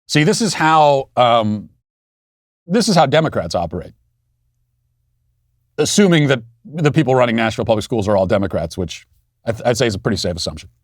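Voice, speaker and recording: A man's voice: mid-range voice, sing-song, fairly quick, pauses often, no room sound. Dry, sarcastic male commentary host. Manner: mocking, does sneering voices of opponents. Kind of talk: sarcastic political commentary monologue.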